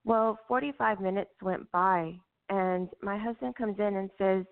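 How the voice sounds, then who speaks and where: A middle-aged woman tells an emotional personal story, halting and full of fillers and restarts. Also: mid-range voice, fairly even intonation, clear, resonant tone. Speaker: guest recounting a personal story. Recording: tinny phone-line audio.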